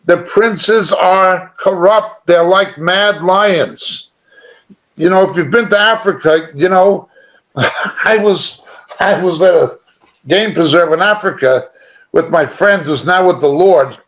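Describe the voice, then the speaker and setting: A middle-aged male Bible teacher delivers a conversational sermon with firm emphasis and a light chuckle here and there. His voice sits fairly high, and he talks at a slow, deliberate pace. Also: fairly bright tone.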